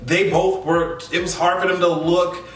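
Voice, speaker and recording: A man hosting a reaction channel, recapping an episode in a loud, profane, sassy way and acting out quotes. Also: high-pitched, level tone, moderate pace. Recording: roomy, distant mic, faint music.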